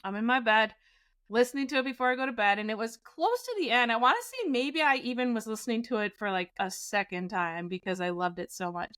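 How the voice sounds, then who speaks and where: A woman in her forties, a podcast co-host, telling a scary personal story in a casual, animated way, often laughing. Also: fairly high pitch, a little fast, clear, resonant tone.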